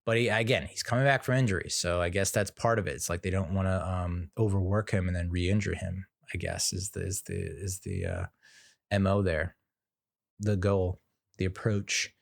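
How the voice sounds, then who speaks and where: A man's voice: sits low, normal speed, vocal fry, no room sound, clean studio sound. Casual, rambling male sports podcaster. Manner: rambling, frank, with frequent fillers and restarts. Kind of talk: casual sports commentary monologue.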